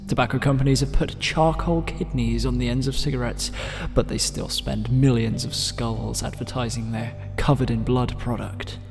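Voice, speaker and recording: A man's voice: medium pitch, steady tone, moderate pace, vocal fry, hardly any pauses, a little mellow. A man reads horror spoofs in a mock-spooky storytelling voice, hamming up the creepy bits. His mid-range voice rings in a long reverb. Faint music plays underneath. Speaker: gaming YouTuber. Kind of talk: comedic dramatic reading.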